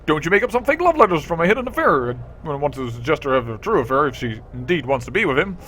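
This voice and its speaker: A man hosting a let's play, reading role-playing game text aloud with lively asides. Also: fairly high pitch, fast, slight background noise.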